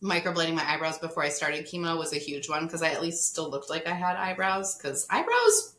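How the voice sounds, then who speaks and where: A woman guest on a podcast, casually telling a personal story in an animated way, often laughing. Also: low-pitched, brisk. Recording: echoey room.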